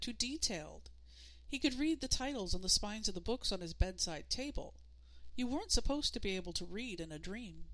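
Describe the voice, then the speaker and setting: A woman narrating a novel in a steady, measured storytelling manner. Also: medium pitch. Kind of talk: audiobook narration.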